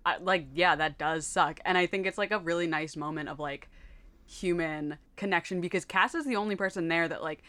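A woman with a lowish voice co-hosts a casual podcast. She is dry in her quips and walks through her reasoning steadily. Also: fairly quick, fairly bright tone, no echo. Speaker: podcast co-host. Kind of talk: casual chat.

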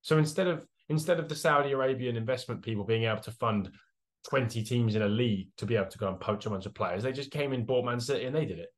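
A man's voice: medium pitch, fast. A man, co-hosting a casual sports podcast, speaking bluntly and sarcastically with casual swearing. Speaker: podcast co-host.

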